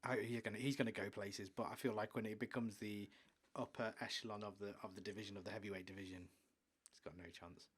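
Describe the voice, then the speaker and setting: A man co-hosting a podcast, chatting enthusiastically about sport and trailing off quietly at the ends of lines. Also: fairly low pitch, steady tone, fast, slightly rough. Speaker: podcast co-host. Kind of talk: casual sports chat.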